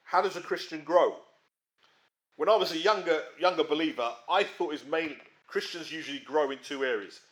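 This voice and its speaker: A man preaching a sermon in a conversational way, often checking in with his listeners and swinging between emphatic rises and quiet drops. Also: a little high, normal speed. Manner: conversational, frequent tag questions.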